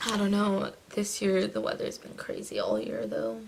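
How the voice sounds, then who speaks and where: A young woman from California with a groggy morning voice, chatting casually while she decorates a planner. She rambles with lots of fillers and drops into soft murmurs now and then. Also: medium pitch, very animated, moderate pace, creaky, noisy background. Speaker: planner vlogger.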